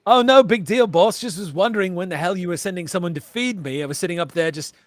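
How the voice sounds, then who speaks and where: A man's voice: high voice, fast, no room sound, pitched above the performer's own voice, close to an everyday voice. A man voicing a sarcastic, lazy male lookout in a tabletop game, drawling his complaints.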